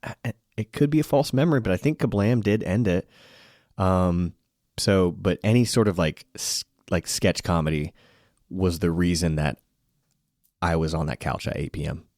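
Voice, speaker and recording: A man's voice: sits low, moderate pace, darkish tone, no echo, clean studio sound. A man co-hosting a podcast in casual chat over drinks, rambling and self-deprecating, a bit tipsy, swearing freely. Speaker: podcast co-host.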